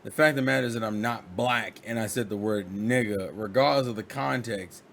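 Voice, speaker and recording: Rambling, animated man vlogging. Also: on the low side, brisk, vocal fry, a little hiss or hum. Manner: rambling and animated, with frequent restarts and acted-out quotes. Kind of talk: casual monologue to camera.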